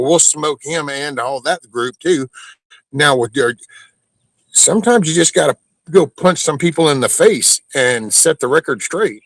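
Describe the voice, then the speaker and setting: A man's voice: mid-range voice, fairly bright tone, dry recording. A man hosting a livestream, ranting bluntly and profanely in a casual way. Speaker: livestream host.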